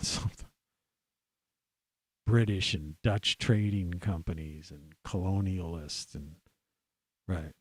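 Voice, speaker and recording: A man's voice: fairly low pitch, darkish tone, no echo. A man from the United States, hosting his own show, delivering an angry, rambling monologue full of swearing and fillers. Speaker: podcast host. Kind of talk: profane ranting monologue.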